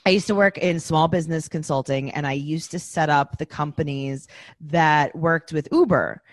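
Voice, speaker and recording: A woman's voice: low-pitched, fairly even intonation, moderate pace, no room sound. A woman with a New York accent chatting casually, rambling through anecdotes. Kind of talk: casual chat.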